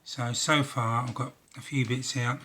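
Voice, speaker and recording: A man's voice: medium pitch, little pitch movement, unhurried, sharp tone, a little hiss or hum. A man hosting a model railway channel, narrating his build in a rambling, casual way with jokey, self-deprecating asides.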